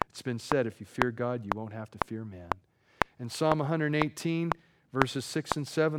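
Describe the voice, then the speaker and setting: A middle-aged man preaching a sermon, animated, swinging from quiet reading to loud, folksy asides. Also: medium pitch, a little fast. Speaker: pastor. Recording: loud background noise.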